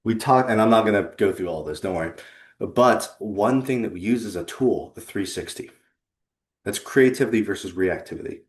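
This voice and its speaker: A man giving an earnest, conversational presentation on a video call, pausing for effect. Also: lowish voice, echoey room. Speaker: leadership consultant and presenter. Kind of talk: presentation to a remote audience.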